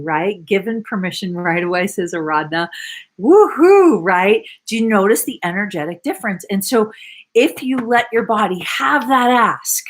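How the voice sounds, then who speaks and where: An animated woman coaching a live stream, her pitch of middle height for a woman. She talks to the audience emphatically, breaking into sudden exclamations and laughs as she reads out viewer comments.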